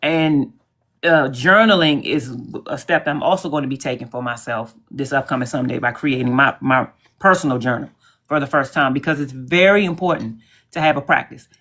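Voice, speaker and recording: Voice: mid-range voice, moderate pace, sharp tone. Soothing, supportive livestream co-host. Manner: supportive, soothing, thanks chat viewers. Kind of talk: casual livestream chat.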